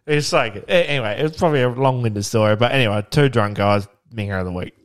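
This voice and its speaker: A man's voice: medium pitch, fairly quick. An Australian man co-hosting a podcast over a video call, telling rambling anecdotes with plenty of swearing. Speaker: podcast co-host. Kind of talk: casual chat.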